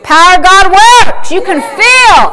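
A woman's voice: very high voice, unhurried. A woman pastor preaching a fervent sermon and calling out to her congregation. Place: church service.

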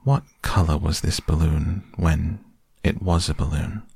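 A gloomy old donkey drags out each word in a storybook reading, voiced by a man. The voice is deep and gravelly, mournful and slow. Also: fairly even intonation, a little mellow, no echo, full character voice.

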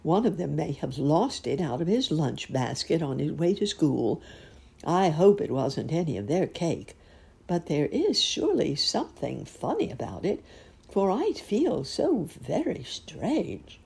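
A woman doing a fretful old gentleman rabbit. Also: deep voice, very animated, unhurried, creaky, breathy edge, heavily acted. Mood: worried. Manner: fretful, polite.

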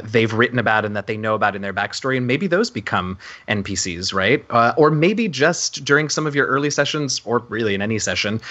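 A man, a trained actor who runs tabletop games, talking in an animated, self-deprecating way on a podcast. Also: on the low side. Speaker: game master. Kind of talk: podcast discussion. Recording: dull lo-fi sound.

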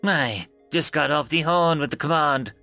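A man voicing an excitable insectoid alien radio operator, reporting urgently in a raised voice. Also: fairly high pitch, normal speed, gravelly, no echo, soft background music, voice pushed up.

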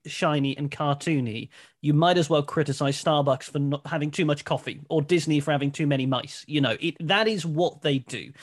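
An upbeat, opinionated man co-hosting a casual talk show. His voice sits a little on the higher side. He sounds keen and lively. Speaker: co-host of a wrestling talk show. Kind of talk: casual chat, reading listener messages.

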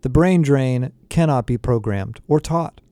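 A goofy teenage boy full of slang in a storybook reading, voiced by a male narrator. The tone is mellow and the sound dry and close. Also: medium pitch, animated, measured pace, no echo. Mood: playful. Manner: slangy, playful.

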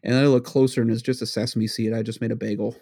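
A man's voice: medium pitch, level tone, rapid-fire, mellow, husky. A man in his thirties from New England, co-hosting a casual chat, rambling and giggling with stammering restarts. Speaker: podcast co-host, father.

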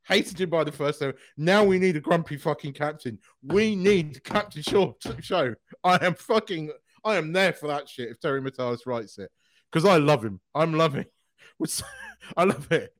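A man co-hosting a podcast in casual chat, excitable, swearing freely and laughing often. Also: a little high, moderate pace, no room sound, clean studio sound. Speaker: podcast co-host.

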